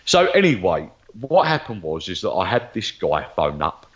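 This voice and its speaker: A man chats as an interview guest, spinning lively anecdotes with a low, swooping voice that leaps up when he mimics others. The sound is a little dull and lo-fi. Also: moderate pace. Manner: animated, acts out quoted voices. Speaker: guest psychic medium. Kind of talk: storytelling interview chat.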